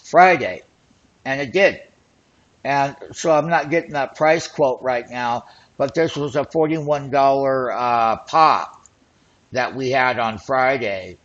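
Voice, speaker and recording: A man hosting an options trading show, talking excitedly and boastfully as he walks through call and put charts. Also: medium pitch, slow, lo-fi sound. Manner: excited, boastful, hype-driven patter. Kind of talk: screen-share trading commentary.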